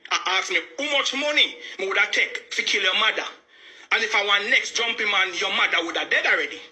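Agitated Jamaican man, high bright voice. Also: a little fast. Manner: agitated, repetitive, emphatic. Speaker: family member speaking out. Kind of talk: heated personal account.

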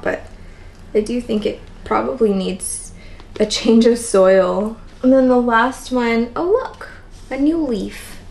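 A woman with a raspy, tired voice and constant vocal fry, chatting casually in a plant vlog. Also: a little high, darkish tone, poor audio. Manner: chatty, rambling, lots of "like". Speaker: plant vlogger. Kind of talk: casual chat while potting plants.

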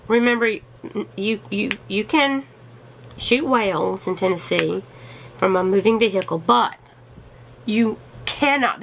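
Gravelly-voiced chatty woman vlogger. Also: medium pitch, fairly bright tone, slight background noise, poor audio. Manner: chatty and amused, full of rhetorical questions. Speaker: crafting vlogger. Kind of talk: casual chat.

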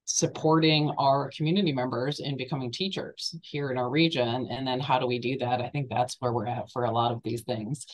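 A woman who is hoarse from a cold and is losing her voice, speaking earnestly as a webinar panelist. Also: rumbling low. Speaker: webinar panelist, residency program leader. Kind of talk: conversational panel remarks.

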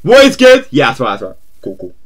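A man live-streaming a game, chatting to his viewers and ending nearly every phrase with "yeah?", and shouting when something surprises him. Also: medium pitch, wildly swooping pitch, fairly quick. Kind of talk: casual live gaming stream chat.

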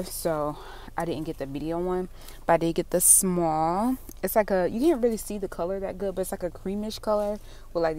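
Chatty young woman with smooth voice. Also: on the low side, warm tone. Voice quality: smooth, sleepy-sounding voice. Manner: chatty, addresses viewers as y'all and girl. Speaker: vlogger. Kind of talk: casual vlog chat while running errands. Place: in a car and stores.

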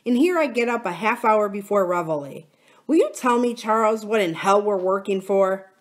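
A wistful, unsettled young farmer who talks in a quiet, musing way, as a woman reads him aloud. He sounds dissatisfied and searching rather than angry. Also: mid-range voice, animated, normal speed, pitched above the performer's own voice, close to an everyday voice. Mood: restless.

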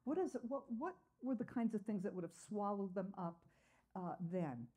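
A woman leads a Bible study lesson in a soft, mellow voice at an everyday pitch. She talks earnestly, peppering her teaching with "uh" and posing questions to the class before answering them herself. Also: lively intonation, moderate pace, slightly rough. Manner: earnest, with frequent "uh" fillers.

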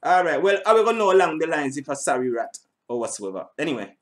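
A man's voice: fairly high pitch, very animated, fast. A middle-aged man, hosting a reaction video in a rambling, casual way, repeating himself and swearing now and then. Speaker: reaction channel host.

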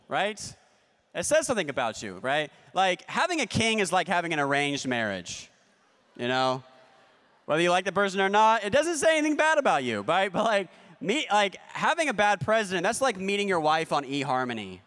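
A man doing a stand-up comedy set, with a deadpan, ironic delivery and playful asides to the crowd. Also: sits high, normal speed. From United States. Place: large convention hall stage. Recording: long hall reverb.

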